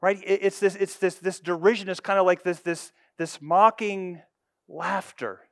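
A man preaching a sermon, with expressive delivery that moves from loud emphasis to hushed asides. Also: sits high, moderate pace, no room sound, studio quality. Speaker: pastor.

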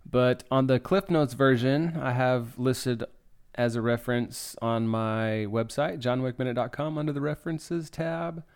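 A young adult man talks through a film one scene at a time, chatty and openly excited, with some swearing. His voice is smooth and resonant. His pitch sits in the middle for a man. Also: unhurried. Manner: chatty and enthusiastic, swears freely. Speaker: podcast host. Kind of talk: casual scene-by-scene film recap.

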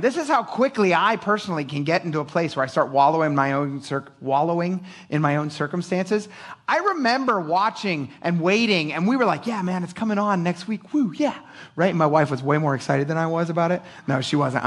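A middle-aged man preaching a sermon, animated and casual, joking and acting out voices. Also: on the high side, brisk. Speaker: pastor.

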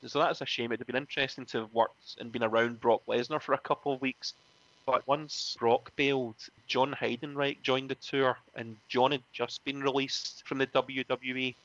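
A man, a former wrestling referee, telling animated stories in a casual interview, often laughing and acting out other people's lines. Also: mid-range voice, moderate pace, lo-fi sound. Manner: animated, laughs often, acts out quoted voices.

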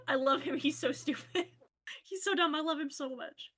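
A woman playing a tabletop role-playing game, describing her character with quick, wry, sarcastic asides. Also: high voice, fairly bright tone. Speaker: player.

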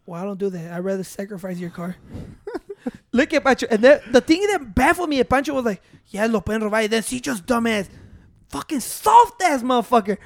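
A man's voice: very high-pitched, expressive, a little fast, vocal fry, no echo. Profane, laughing code-switching man. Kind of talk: casual chat.

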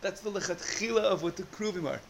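Guy giving a torah class, kinda high voice, lots of restarts, a little hiss in the background. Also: fast, gravelly. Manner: animated, searching for words with many restarts. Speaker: Torah teacher.

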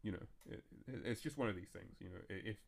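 A man hosting a casual podcast chat, talking in a fast, rambling way that keeps restarting itself. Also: fairly low pitch, lively intonation, creaky. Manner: fast, rambling, self-interrupting talk. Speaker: podcast host.

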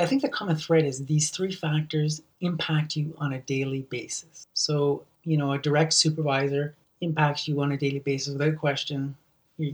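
Recorded from a distance, a man with a slightly high voice hosts a solo podcast. He's earnest, and he frequently restarts sentences, repeating words as he goes.

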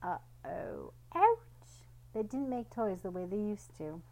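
A woman reading a children's picture book aloud, telling the story gently and lightly voicing the characters. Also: mid-range voice, normal speed, low-quality recording. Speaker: storybook reader.

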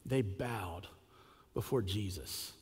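A man preaching a sermon as a pastor, telling a story with lively acted quotes and rhetorical questions. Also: fairly low pitch, slow, husky. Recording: long hall reverb.

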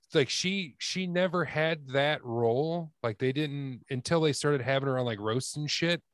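A man's voice: on the high side, normal speed, fairly bright tone, dry recording, studio quality. A man as a podcast guest, laid-back and swearing freely in casual chat.

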